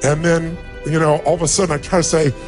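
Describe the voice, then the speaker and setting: A man's voice: a little high, level tone, fast talker, a little mellow, faint music behind. A middle-aged man giving a motivational speech, telling a personal story with emotion and rising to emphatic peaks. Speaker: motivational speaker.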